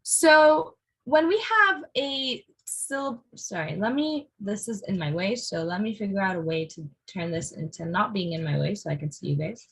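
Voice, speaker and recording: A woman's voice: medium pitch, animated, moderate pace, few pauses, a bit bright, slight background noise, low-quality recording. A woman teaching a class pronunciation lesson. She models words for the students to repeat and often checks in with "right?".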